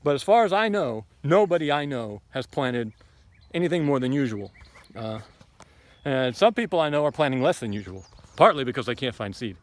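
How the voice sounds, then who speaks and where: A man of middle pitch walks through his garden outdoors and talks into the camera, blunt and opinionated, with plenty of ums and asides. The sound is close and dry, with no room echo. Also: sing-song, moderate pace. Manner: blunt, opinionated, rambling with frequent fillers. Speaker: homesteading vlogger. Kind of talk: casual ranting garden tour.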